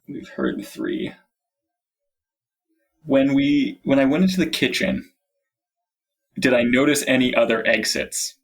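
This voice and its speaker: A man playing a tabletop game, asking deliberate questions about the scene. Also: medium pitch. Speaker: player.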